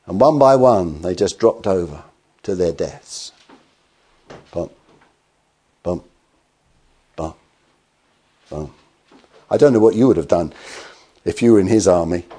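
A man's voice: deep voice, lively intonation, slow pace, long pauses, mellow, breathy edge. A man preaching a sermon, telling stories with acted quotes and rhetorical questions.

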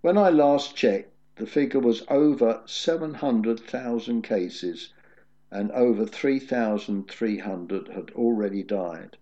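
A man preaching a sermon, with a measured storytelling delivery. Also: on the low side, warm tone. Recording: dull lo-fi recording.

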